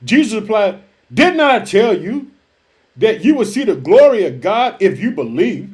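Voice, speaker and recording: A man's voice: high voice, sing-song, unhurried. A man preaching a fervent sermon, reading scripture aloud and calling his listeners family. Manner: fervent, calls listeners family, shouts hallelujah.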